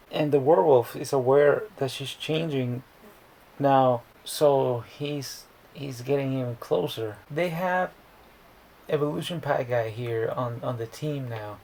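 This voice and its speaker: A man's voice: medium pitch, gravelly, a little mellow, slight background noise, rough recording. A man casually recapping a movie plot in a rambling, profane way, often restarting words. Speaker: movie reviewer.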